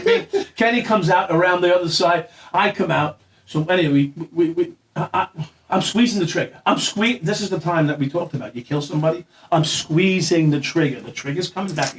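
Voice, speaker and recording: A man's voice: high voice, fairly bright tone, far from the mic. A man telling a long story in casual chat, acting out quoted lines, swearing and laughing as he goes. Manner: acts out quoted lines in a raised voice. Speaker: guest.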